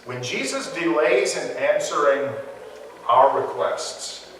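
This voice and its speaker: A man's voice: on the high side, lively intonation, slow pace, fairly bright tone, a little hiss or hum. A man leading a conversational Bible study, questioning his listeners and laughing along with them. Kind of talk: interactive Bible study teaching. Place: church hall. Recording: echoey hall from far off.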